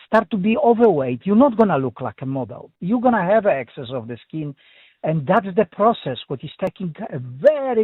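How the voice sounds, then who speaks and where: A man's voice: high voice, breathy edge, dry recording. A man calling in to a radio show, speaking earnestly with non-native phrasing. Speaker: caller. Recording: phone line.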